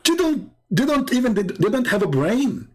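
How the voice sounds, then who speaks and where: A man hosting a live debate channel, telling a mocking story in a sarcastic, jokey, animated way. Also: very high-pitched, moderate pace.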